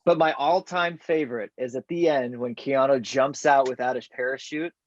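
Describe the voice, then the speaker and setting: A man chatting casually as a podcast guest about a film, animated and eager to quote favorite lines. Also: mid-range voice, normal speed, no echo, dull audio. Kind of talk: casual movie discussion.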